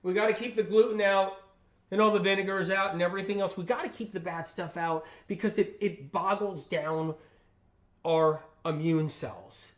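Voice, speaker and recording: High-voiced man talking emphatically. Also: normal speed. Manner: emphatic and repetitive, with frequent tag questions; acts out quoted friends in lively voices. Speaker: health channel host on a livestream. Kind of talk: casual livestream talk.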